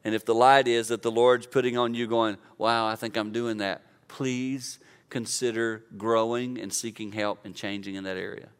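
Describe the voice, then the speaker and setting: A man's voice: fairly low pitch, little pitch movement, normal speed, smooth. A man in his fifties preaching an earnest, conversational sermon, acting out quotes to make his point. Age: 50s. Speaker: pastor.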